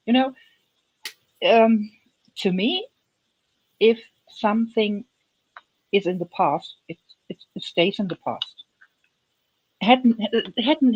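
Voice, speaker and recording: Woman, 50s, husky breathy voice, slightly high, hesitant casual chat, repeats words. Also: a little mellow, poor audio. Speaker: livestream guest.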